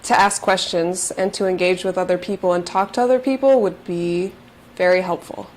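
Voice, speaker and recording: A woman chats casually on a live panel and teases her fellow guests. Her delivery is relaxed and conversational. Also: fairly low pitch, moderate pace.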